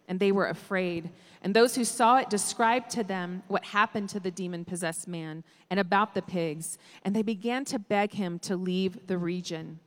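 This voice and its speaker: A woman's voice: mid-range voice, normal speed, few pauses. Woman reading scripture in an echoey hall.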